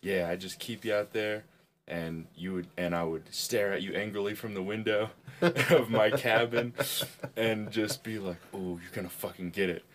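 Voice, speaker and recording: A man's voice: lowish voice, steady tone, measured pace, fairly bright tone. A man co-hosting a podcast, telling crude comedic stories, acting out quoted lines and laughing at his own jokes. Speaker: podcast co-host.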